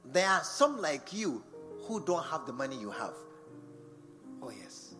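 A man's voice: high-pitched, animated, moderate pace, bright, forceful tone. A man preaching a sermon in a large church, firing rhetorical questions at the congregation. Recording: long church reverb with faint music behind.

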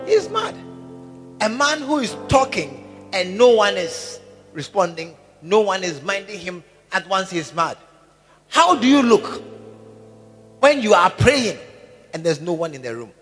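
Man, preacher, high-pitched, very expressive, echoing hall with music behind. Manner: animated, acts out phone calls and prayers. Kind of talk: sermon. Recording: music and long hall reverb.

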